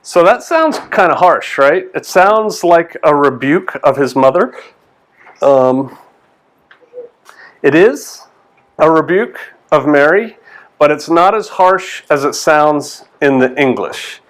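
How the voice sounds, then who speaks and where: Animated pastor preaching casually. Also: male voice, fairly high pitch, slow pace. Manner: folksy, animated, acts out quotes in changing voices. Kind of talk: conversational sermon.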